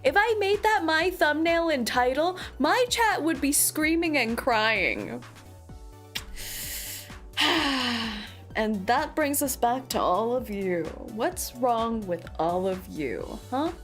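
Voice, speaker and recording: A woman's voice: high-pitched, animated, slow, a bit bright, soft background music. A woman VTuber chatting playfully with her stream audience, full of mock outrage and laughter. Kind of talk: casual livestream chat.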